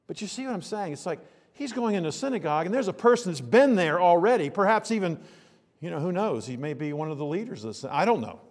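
A man's voice: high-pitched, animated, fast talker, long reverb tail. A man preaching a sermon in a conversational way, asking many rhetorical questions and building to emphatic bursts. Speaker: pastor.

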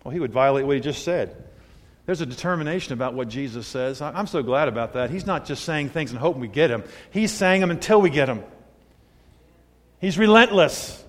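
A man in his sixties preaching a sermon, moving between loud emphatic peaks and hushed, quiet asides. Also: on the high side, animated, brisk. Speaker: pastor. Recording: long hall reverb.

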